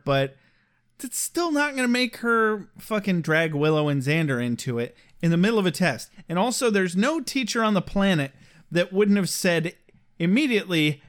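High-voiced man recapping a show. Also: a bit bright, clean tone. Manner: recaps with sarcastic asides and mock character voices. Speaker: podcast co-host. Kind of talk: casual chat recapping a TV episode.

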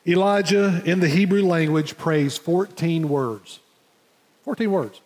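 High-voiced preacher in a reverberant hall. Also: male voice, darkish tone. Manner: storytelling preacher, dramatic pauses, repeats words. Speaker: pastor. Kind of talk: sermon. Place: church sanctuary.

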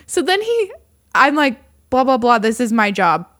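A woman's voice: a little high, normal speed, dry recording, studio quality. A young woman co-hosting a podcast, telling dating stories in casual chat and acting out both sides of the dialogue. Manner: animated, acts out dialogue with lots of "like". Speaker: podcast co-host.

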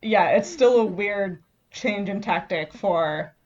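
A woman's voice: mid-range voice, takes it slowly, darkish tone, muffled recording. A woman co-hosting a podcast, recapping a story in casual chat with wry asides. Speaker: podcast co-host.

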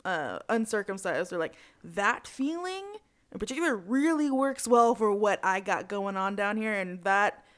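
A woman's voice: mid-range voice, expressive, normal speed, fairly bright tone. A woman co-hosting a casual chat, telling stories candidly and laughing often.

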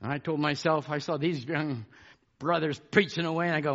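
A man preaching a fiery sermon, fervent, swinging between shouted declarations and hushed asides. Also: on the high side, brisk, lo-fi sound.

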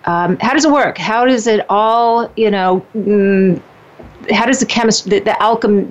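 A woman in her fifties speaks in a casual, animated way, stressing her points about herself and often restarting mid-sentence. Her voice sits at an ordinary middle pitch. The recording is dull and lo-fi. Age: 50s. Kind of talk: casual conversation. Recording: dull lo-fi sound.

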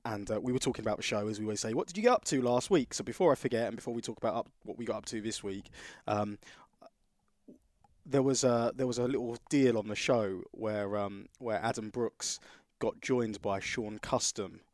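A man's voice: fairly low pitch, brisk, darkish tone, dry recording, studio quality. A man co-hosting a podcast, talking casually and telling rambling stories full of restarts. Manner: rambling storyteller, restarts sentences. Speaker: podcast co-host.

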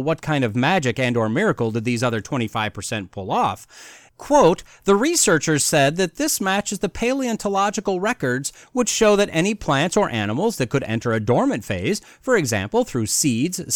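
A man's voice: medium pitch, no echo, studio quality. A man hosting a podcast, sarcastically mocking an article as he reads quotes from it aloud. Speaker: podcast host.

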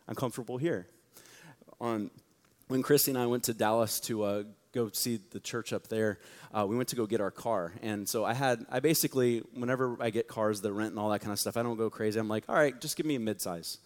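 A man preaching to a young church audience in a joking, energetic storytelling way. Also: mid-range voice. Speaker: youth pastor. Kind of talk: sermon. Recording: long reverb of a large hall.

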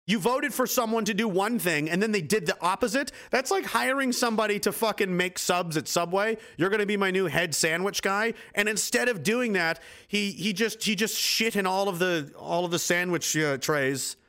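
A man's voice: sits high, normal speed, few pauses, a bit bright. A man in his twenties hosting a livestream, delivering an angry, profane, sarcastic political rant. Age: 20s. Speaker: livestream host.

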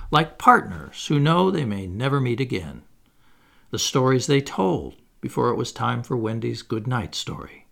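A man narrates an audiobook in an expressive storytelling way. His voice has a gravelly texture and rises and falls a great deal. It sits at an ordinary pitch for a man. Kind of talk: audiobook reading.

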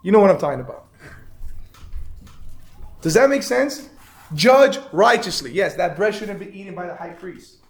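A man's voice: high voice, animated, normal speed, creaky, pauses often. A man teaching an interactive Bible lesson, asking the class questions and repeating their answers.

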